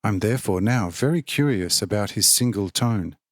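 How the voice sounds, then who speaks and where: A man reading aloud, voicing a calm, fatherly man who explains in a measured way. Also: on the low side, no echo, studio quality, natural voice.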